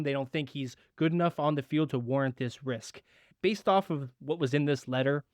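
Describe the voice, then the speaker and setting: A man's voice: medium pitch, no room sound. A young man co-hosting a sports podcast with his father, talking earnestly and reading statements aloud. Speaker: podcast co-host, son. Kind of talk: casual sports podcast chat.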